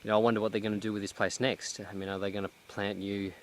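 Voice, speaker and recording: A man vlogging outdoors in a cleared pine forest, talking in a reflective, halting way with many restarts, a little out of breath. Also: on the low side, flat delivery, slight background noise. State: slightly out of breath. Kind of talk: casual vlog monologue. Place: outdoors in a cut-down pine plantation.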